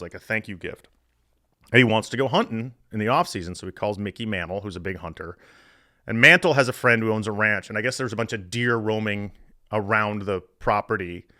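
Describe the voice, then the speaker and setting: A middle-aged man hosting a sports podcast, telling stories in a profane, animated way. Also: on the low side, quick pace, no room sound, studio quality. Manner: profane, animated storytelling with laughs. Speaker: podcast host.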